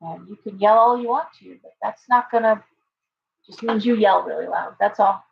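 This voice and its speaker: A tarot reader hosts a casual live stream, reading viewer comments aloud and talking earnestly in a rambling way, with many fillers and restarts. Her medium-pitched voice is creaky, comes at a normal speed, and the sound is lo-fi.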